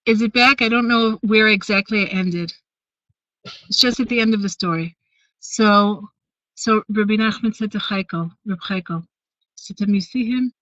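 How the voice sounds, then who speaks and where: A woman's voice: mid-range voice, fairly even intonation, moderate pace, pauses often, no room sound. A woman teaching a weekly women's class, retelling a Hasidic story with frequent fillers and restarts. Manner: storytelling with many fillers and restarts, warm asides. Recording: dry, dull lo-fi sound.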